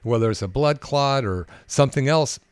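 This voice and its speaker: A man's voice: mid-range voice, moderate pace, smooth, dry recording. A man who works as a doctor, talking casually on a podcast about his patients, with many fillers and restarts. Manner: conversational, anecdotal, with frequent fillers and restarts. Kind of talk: casual podcast talk, telling patient stories.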